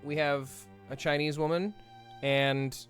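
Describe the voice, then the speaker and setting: A man's voice: on the high side, steady tone, a little slow, a bit bright, faint music behind. A man streaming a game, thinking aloud in a playful, rambling way and swearing casually as he talks to chat.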